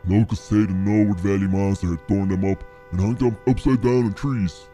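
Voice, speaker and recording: An actor voicing a grim older gas station attendant in a horror game, giving warnings in a slow, ominous drawl. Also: male voice, lowish voice, steady tone, mellow, faint music behind, close to an everyday voice.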